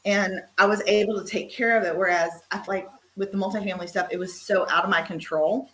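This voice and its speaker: A woman's voice: medium pitch, fairly even intonation, fast, fairly bright tone, slight background noise. A woman speaking candidly and conversationally in a casual panel chat.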